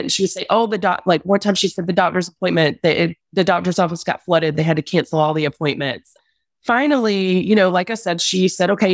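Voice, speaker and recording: A woman's voice: fairly low pitch, no echo. A young adult woman recounting a painful personal ordeal as a podcast guest, candid and rambling with many "like"s. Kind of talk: emotional personal account.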